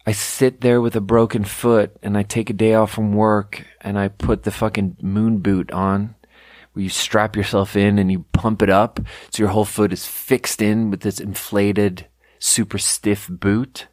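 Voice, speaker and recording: A man's voice: on the low side, little pitch movement, unhurried, a little mellow, no echo. A young man from Sweden telling rambling, profane, self-deprecating stories in a casual podcast monologue, recorded close at home. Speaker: podcast host. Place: home room.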